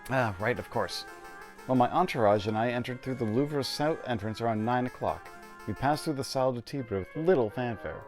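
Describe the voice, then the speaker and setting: A breezy, pompous king from a detective game, brushing off worries with genteel disdain, as a man reads him aloud. The voice sits at an ordinary middle pitch. Faint music plays in the background. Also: moderate pace, natural voice. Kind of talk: reading game dialogue aloud.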